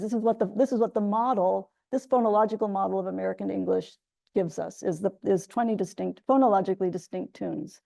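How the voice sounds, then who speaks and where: A woman delivering an academic lecture, her voice gravelly with a mellow, darker tone. She walks through her points methodically and often restarts a phrase mid-sentence. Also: medium pitch. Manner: explanatory, methodical, with frequent restarts. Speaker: guest lecturer.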